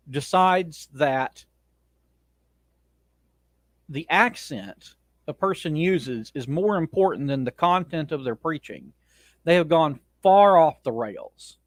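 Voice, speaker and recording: Guy ranting on his podcast, blunt and opinionated, kinda high voice, dry sound. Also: dry recording. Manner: blunt, opinionated, frequent restarts. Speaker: podcast host. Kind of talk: casual monologue rant.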